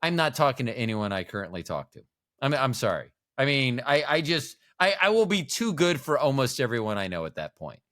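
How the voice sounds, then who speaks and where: A man's voice: mid-range voice, big pitch swings, a little fast, a bit bright. A middle-aged man co-hosting a podcast, rambling through playful jokes in casual chat. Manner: rambling, playful, jokey asides. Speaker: podcast co-host.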